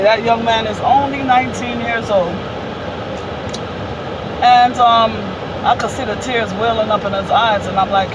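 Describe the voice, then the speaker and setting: A woman's voice: fairly high pitch, very noisy. A woman hosting a casual vlog, talking emphatically and preaching, repeating her points. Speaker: vlogger.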